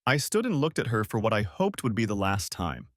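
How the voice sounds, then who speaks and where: Dry, measured male story narrator. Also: lowish voice, sing-song, a bit bright, dry recording. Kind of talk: scripted first-person story narration.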